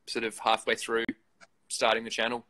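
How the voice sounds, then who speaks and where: A man's voice: medium pitch, monotone, moderate pace, bright, forceful tone, poor audio. A man in his thirties with an Australian accent, chatting casually as an interview guest, swearing freely and laughing often. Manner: profane, laid-back, laughs often. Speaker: interview guest, vape reviewer. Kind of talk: casual chat.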